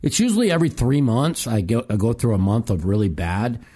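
A man's voice: medium pitch, sing-song, fairly quick, dark tone, husky. A man hosting a call-in talk show, ranting profanely and animatedly about sports. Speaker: host.

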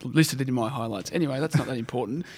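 Aussie podcast co-host, quick and emphatic, dry asides, mid-pitched voice. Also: male voice, a little mellow, husky. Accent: Australian. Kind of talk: casual chat.

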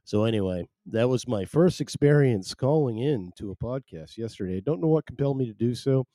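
A man's voice: mid-range voice, animated, a little fast, mellow, no room sound, studio quality. Chatty man hosting a podcast. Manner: rambling, self-deprecating, chatty. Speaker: podcast host. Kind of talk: casual live podcast monologue. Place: home. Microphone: headphones and desk mic.

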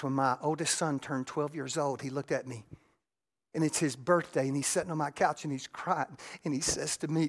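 A middle-aged man, preaching a sermon and telling a raw, emotional personal story that swings between loud and hushed. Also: medium pitch, a little fast, breathy edge. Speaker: pastor.

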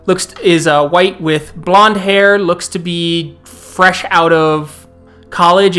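Slow-talking male game master. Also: sits high, fairly bright tone, clear, resonant tone. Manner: slow, drawn-out narration with restarts. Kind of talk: narrating a tabletop game.

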